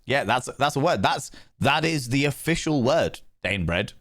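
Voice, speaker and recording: Rambling, playful game streamer. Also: male voice, mid-range voice, animated, normal speed, fairly bright tone, no room sound, clean studio sound. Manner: rambling, playful, swears freely. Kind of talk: casual livestream chat.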